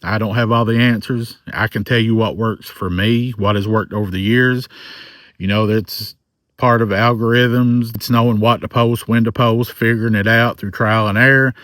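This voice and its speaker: A man in his forties with a thick Southern drawl, talking slowly and earnestly to camera about his faith and his channel. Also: fairly low pitch, fairly even intonation, a bit bright, no room sound, studio quality. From American South. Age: 40s. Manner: slow, earnest, faith-filled. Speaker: paranormal content creator. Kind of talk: personal testimony to camera.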